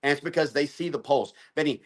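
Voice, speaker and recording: Assertive male political guest. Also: a little high. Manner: fast, assertive, lists points in long runs. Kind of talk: political interview talk.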